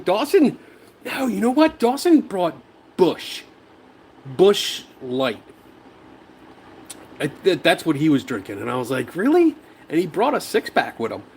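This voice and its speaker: A man's voice: fairly high pitch, slight background noise. A man from Philadelphia hosting a casual livestream from his garage, chatting, laughing often and reading out viewer comments. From Philadelphia, USA. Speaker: livestream host. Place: home garage.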